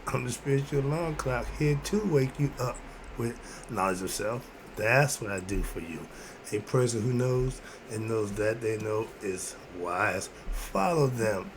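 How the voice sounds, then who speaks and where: A man's voice: medium pitch, moderate pace, background noise. Preachy man chuckling through a self-help talk. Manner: preachy, repetitive call-and-response phrasing with frequent chuckles. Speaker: self-help philosophy host. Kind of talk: casual motivational monologue. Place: home room with a heater running.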